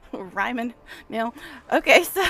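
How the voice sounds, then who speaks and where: Streaming a game, a woman chats casually and reads its dialogue aloud, gushing and giggling often. Her voice is a little high, slow, expressive, pushed and bright.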